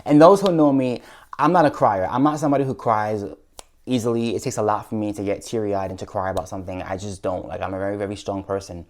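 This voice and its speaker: A man with a somewhat low voice talks straight to his viewers in a personal vlog. He retells his story earnestly and from the heart, often stopping and restarting his sentences. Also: fairly even intonation, fast talker, darkish tone. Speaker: YouTuber.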